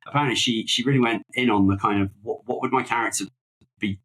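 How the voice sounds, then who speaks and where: A man's voice: mid-range voice, steady tone, fast, a bit bright, poor audio. A man co-hosting a casual film-review podcast, talking in a rambling, hesitant way full of fillers and restarts. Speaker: podcast co-host.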